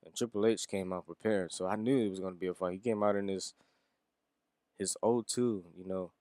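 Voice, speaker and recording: Casual, profane low-voiced man reviewing wrestling. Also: fairly even intonation, fairly quick, mellow, no echo, studio quality. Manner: rambling, profane, chuckling.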